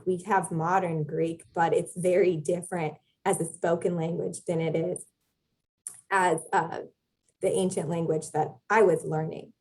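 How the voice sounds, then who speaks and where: A young woman, a Latin teacher, talks at length as a podcast guest, thoughtful and prone to filler words, in a relaxed conversational interview. Her voice is mid-range and the audio is poor.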